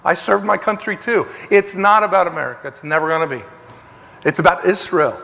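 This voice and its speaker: High-voiced man teaching in an echoing hall. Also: a bit bright. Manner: emphatic, digressive, repeats phrases for stress. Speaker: Bible teacher. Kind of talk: conversational Bible study. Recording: long reverb of a hall.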